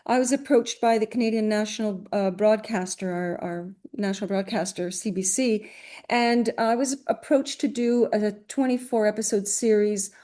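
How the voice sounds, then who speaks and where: Middle-aged woman from greece, chatty, lots of restarts, warm mellow tone. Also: mid-range voice, fairly even intonation, normal speed. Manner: chatty, many restarts and fillers. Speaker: guest, voice actress. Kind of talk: casual interview anecdotes.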